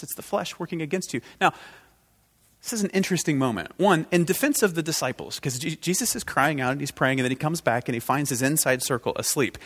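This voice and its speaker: A man preaching a sermon, swinging from loud outbursts to hushed intensity. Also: on the high side. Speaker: pastor. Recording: long reverb of a large hall.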